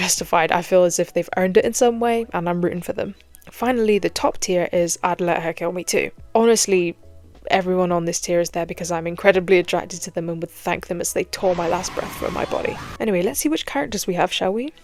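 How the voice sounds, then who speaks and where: A young British woman who makes horror commentary videos on YouTube delivers scripted, playful remarks sprinkled with jokey, self-mocking asides. Her voice is on the low side with a darkish tone and no echo.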